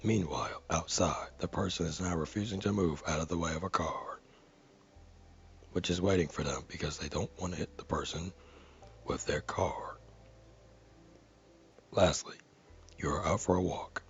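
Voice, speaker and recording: A man's voice: sits low, moderate pace, vocal fry, long pauses, highs cut off. A man earnestly reading a viewer comment aloud, carefully and with dramatic stresses.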